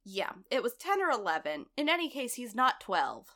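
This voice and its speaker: Bright, lively, punning woman co-host. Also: a little high, moderate pace. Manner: playful, punning, giggly. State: tired. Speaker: podcast co-host. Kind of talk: casual chat.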